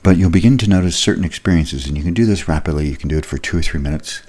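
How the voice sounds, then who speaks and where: Male trainer with a very deep voice, explaining things casually. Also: rapid-fire, darkish tone. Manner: conversational, explanatory, with fillers. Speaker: leadership trainer. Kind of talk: recorded leadership lesson.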